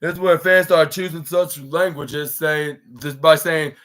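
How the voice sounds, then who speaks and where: Casual guy with a higher voice rambling through a show recap, lots of "like"s. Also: steady tone, a little slow, fairly bright tone. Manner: rambling, heavy use of "like" and restarts. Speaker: wrestling podcast host.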